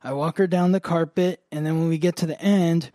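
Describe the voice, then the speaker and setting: A man's voice: on the high side, steady tone, brisk, dark tone, dry recording. A man hosting an astrology podcast, telling a story in a casual, rambling way full of fillers. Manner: rambling, many "like" fillers, laughs often.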